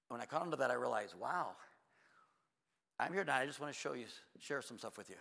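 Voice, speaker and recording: A man preaching a sermon as pastor, telling a story with animated energy and acting out both sides of conversations. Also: medium pitch, quick pace, creaky, pauses often. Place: church sanctuary. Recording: long church hall reverb.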